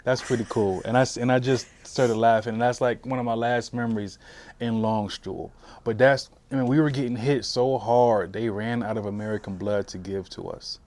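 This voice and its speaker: A man's voice: medium pitch, fairly even intonation, moderate pace, a little mellow, dry recording. A man, a military veteran, recounts his service in an oral history interview, talking casually with fillers and restarts. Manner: conversational, many fillers and restarts. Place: interview room at a history center.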